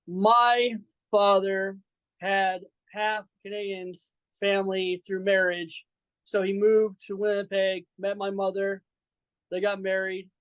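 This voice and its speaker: A man's voice: high voice, little pitch movement, slow, fairly bright tone, clean tone, no echo, poor audio. A man in his forties from Saint Louis, a wrestler guest chatting loosely with lots of fillers and some brash trash-talk. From Saint Louis, Missouri. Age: 40s. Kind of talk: casual interview chat.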